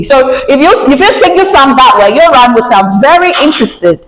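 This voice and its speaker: A woman's voice: high voice, big pitch swings, brisk, few pauses, echoey room, rough recording. A woman teaching pronunciation, leading the class to repeat words after her and asking quiz questions. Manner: leads call-and-response repetition, asks quiz questions.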